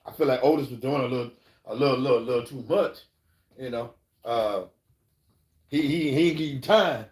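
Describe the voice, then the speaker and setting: Speaking at a moderate pace with long pauses, this man has a mid-range, darkish voice. He's live-streaming from an echoey room, spinning rambling, profane stories and checking in with listeners. He keeps asking "you know what I'm saying" in this casual storytelling.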